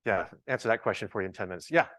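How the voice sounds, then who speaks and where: A man's voice: lowish voice, expressive, rapid-fire, fairly bright tone, no room sound. A man leading an informal training workshop, chatty and joking, thinking aloud as he works with the audience. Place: large ballroom with a live audience.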